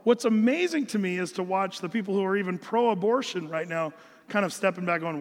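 A man's voice: high-pitched, animated, a little fast, big-room sound. A man from the United States preaching an earnest, emphatic Bible-teaching sermon, often restarting his phrases. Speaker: pastor.

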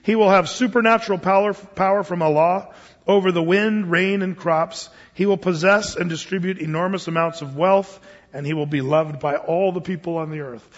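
A man's voice: high-pitched, steady tone, moderate pace. A man preaching a sermon as pastor, talking conversationally with frequent restarts and fillers. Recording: dull lo-fi sound with long hall reverb.

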